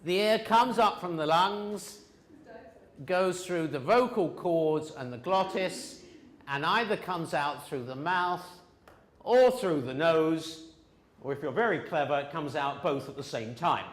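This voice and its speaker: A man's voice: on the high side, measured pace, echoey room. A man teaching a pronunciation class, patiently explaining sounds step by step and drilling his students. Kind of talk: classroom lesson.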